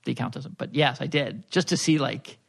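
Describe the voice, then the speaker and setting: A man's voice: mid-range voice, fairly quick, gravelly, breathy edge. A middle-aged man co-hosting a podcast in casual chat, telling stories with lots of playful voices, recorded on a microphone at home. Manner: animated storyteller, jumps into playful voices. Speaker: podcast co-host. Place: home dining room. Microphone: studio microphone.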